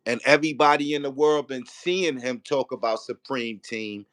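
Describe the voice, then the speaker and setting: A man's voice: mid-range voice, normal speed, fairly bright tone, no room sound. A man in casual debate, rambling with restarts and often asking if he's understood. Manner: rambling, repeats "you feel what I'm saying".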